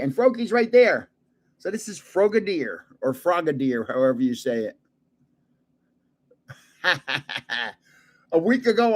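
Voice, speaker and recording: An older man hosting a casual livestream, chatting and chuckling as he opens and shows off trading cards and greets his viewers. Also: a little high. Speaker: card-collecting livestream host. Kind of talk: casual livestream chat while opening cards.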